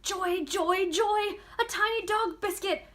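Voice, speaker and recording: A woman reading a children's book aloud, voicing an excited small male pet hamster in a high, gushing tone. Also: brisk. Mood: delighted.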